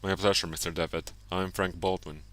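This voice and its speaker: A guarded, evasive gravedigger, as a man reads his lines. the voice is low and smooth with a bright edge, dry and a little wry, never giving much away. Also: level tone, a little fast.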